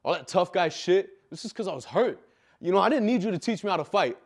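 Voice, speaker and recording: A high-pitched, animated young man tells a raw story about his life at a quick pace. He's emotional and full of swearing, and he keeps repeating phrases for emphasis.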